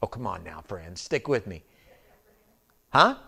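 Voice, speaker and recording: A man's voice: lowish voice, sing-song, unhurried, vocal fry, pushed and bright, breathy edge. A man preaching as pastor at a church service. He tells a personal story in a loose, conversational way, with asides to the congregation and a habit of tacking on "and everything else.". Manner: repeats filler phrase "and everything else". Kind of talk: storytelling sermon.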